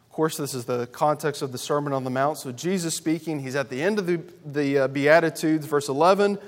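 A man preaching a sermon to a congregation, emphatic and building through loud repeated lists. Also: fairly high pitch, moderate pace, long reverb tail. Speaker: pastor.

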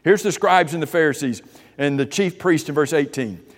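A man's voice: a little high, moderate pace. A male pastor delivers a sermon in a slightly raised voice. He keeps asking his listeners questions and puts on the voices of doubters. A long hall reverb trails behind every phrase.

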